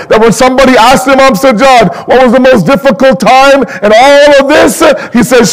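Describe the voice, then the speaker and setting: Male preacher, high voice, emotional grieving sermon storytelling at a religious gathering. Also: animated, in a large hall, rough recording. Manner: emotional, rising to high pleading pitch in grief passages; slows and stretches words for emphasis. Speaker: speaker at a mourning gathering. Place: community religious center.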